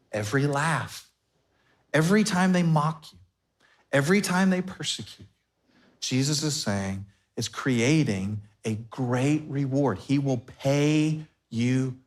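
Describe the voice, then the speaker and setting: A man, the pastor, preaching a sermon to his congregation in a conversational way, slipping into everyday back-and-forth dialogue to make his points. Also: a little high. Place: church sanctuary before a congregation.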